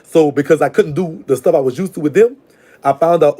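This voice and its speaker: A man's voice: on the high side, fairly quick, breathy edge. A man hosting a live call-in show, giving blunt, slangy advice. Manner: blunt, slangy, talks back to callers warmly. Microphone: live stream call-in setup.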